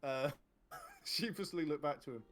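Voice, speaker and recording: A man narrating as game master in an online tabletop game, lively and laughing often as he describes the combat. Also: a little high, measured pace. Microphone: online call microphone.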